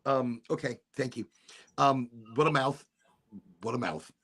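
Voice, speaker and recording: A man hosting a casual live chat show from home, rambling and repeating himself, getting animated as he tells stories. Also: medium pitch, unhurried, slightly rough. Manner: rambling, repeats words, animated when storytelling. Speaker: podcast host.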